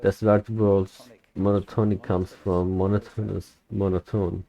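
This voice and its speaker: A young man whose first language is Turkish, shadowing a recorded speech aloud in English, with careful, deliberate delivery and occasional slips. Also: low-pitched, level tone, creaky, dark tone, dull audio. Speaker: language learner.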